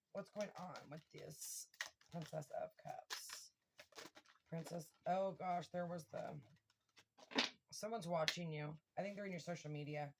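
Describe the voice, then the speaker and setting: Woman, tarot reader, casual and excitable, curses a lot, talks right at the viewers. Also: fairly low pitch. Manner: excitable, swears freely, addresses viewers directly. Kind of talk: casual tarot reading to camera.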